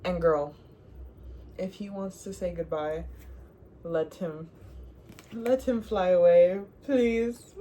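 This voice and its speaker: A young woman giving relationship advice in a sassy, animated, casual monologue to the viewer, often laughing. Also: fairly low pitch, takes it slowly, long pauses. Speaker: advice vlogger.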